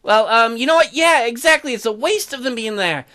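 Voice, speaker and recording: A man's voice: very high-pitched, expressive, brisk, sharp tone, heavily acted. A man voicing an eager young newlywed woman colonist, reading game dialogue aloud in a raised, pleading voice.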